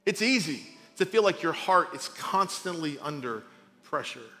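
A man preaching a sermon as pastor, talking informally and swinging between loud emphasis and quiet drops. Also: fairly high pitch, expressive, measured pace, long reverb tail. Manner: conversational, informal asides.

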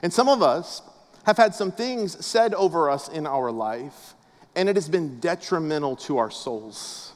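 Brief: male pastor, high voice, chatty jokey delivery, long hall reverb. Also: animated, unhurried. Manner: casual, joking storyteller with a preaching cadence. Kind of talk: humorous conversational sermon.

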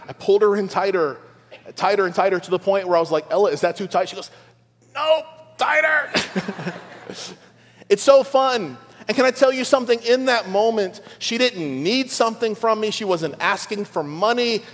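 A middle-aged man preaching a conversational sermon to his church, with playful asides to the congregation. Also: sits high. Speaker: pastor. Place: large church auditorium. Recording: long church hall reverb.

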